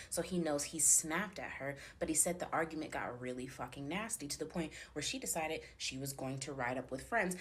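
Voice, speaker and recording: A woman's voice: low-pitched, slight background noise. Blunt woman telling a date story. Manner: blunt, profane, dramatic retelling. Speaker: storyteller in clip. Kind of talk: casual storytelling.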